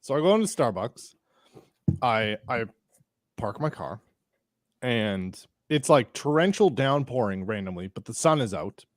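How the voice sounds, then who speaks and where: A man's voice: mid-range voice, very animated, a little slow, no echo, clean studio sound. A man hosting a podcast, telling a rambling anecdote in casual chat, full of restarts and acted-out quotes. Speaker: podcast host.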